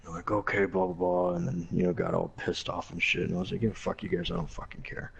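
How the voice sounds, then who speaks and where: A man's voice: deep voice, completely flat delivery, quick pace, creaky, husky, lo-fi sound. A young man, a former Marine, casually telling a profane, blunt story and quoting people along the way.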